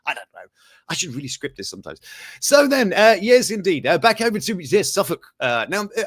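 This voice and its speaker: A man's voice: fairly high pitch, fairly bright tone, no echo, clean studio sound. Rambling jokey man hosting. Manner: rambling and jokey, with many fillers and asides; cheeky and self-mocking. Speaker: host of a morning news chat stream. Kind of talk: casual live-stream news chat.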